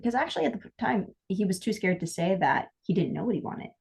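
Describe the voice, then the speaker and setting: A woman's voice: mid-range voice, lively intonation, a little fast, creaky, hardly any pauses, a little mellow, husky. A woman co-hosting a podcast, talking candidly in casual conversation and often restarting her sentences. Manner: candid, rambling with frequent restarts and quoted asides. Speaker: podcast co-host.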